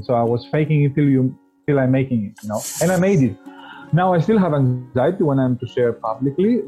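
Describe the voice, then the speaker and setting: Non-native english guy on a podcast, passionate, keeps restarting his sentences, husky, tinny phone sound. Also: medium pitch. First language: not English. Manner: earnest, passionate, restarts phrases often. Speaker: podcast guest. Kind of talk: casual interview talk.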